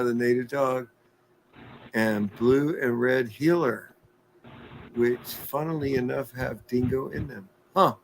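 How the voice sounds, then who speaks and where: A man's voice: medium pitch, gravelly, a little hiss or hum. A man hosting a livestream, chatting casually, joking and laughing as he reads viewer comments. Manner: jokey, laughs often, plays with words. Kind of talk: casual chat.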